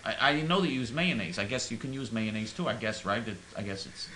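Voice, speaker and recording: Bright, stammering man ranting. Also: lowish voice, expressive, fast, echoey room, slight background noise, low-quality recording. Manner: rambling, stammering, mock-earnest. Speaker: comedic caller in character. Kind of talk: comic monologue in character.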